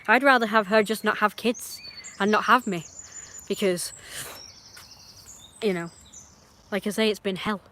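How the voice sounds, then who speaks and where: A woman at an ordinary middle pitch, talking straight into her livestream in a blunt, rambling rant. She swears freely and keeps dropping to a mutter before breaking into loud outbursts. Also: takes it slowly, long pauses, a little hiss or hum.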